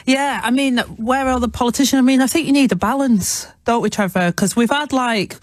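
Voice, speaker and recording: A woman's voice: medium pitch, darkish tone, no echo. Woman, radio phone-in host, earnest, dry studio sound. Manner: earnest, with frequent restarts. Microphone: studio microphone.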